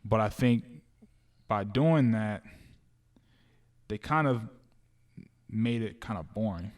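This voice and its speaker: A man co-hosting a podcast in casual chat about movies and shows, animated and slangy, repeating words and restarting his sentences often. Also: lowish voice, slow pace. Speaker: podcast co-host.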